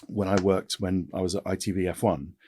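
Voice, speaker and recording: A man in his fifties, a podcast guest, talking in an animated way with quick restarts and repetitions. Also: deep voice, slightly rough, dry recording. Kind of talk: casual interview chat.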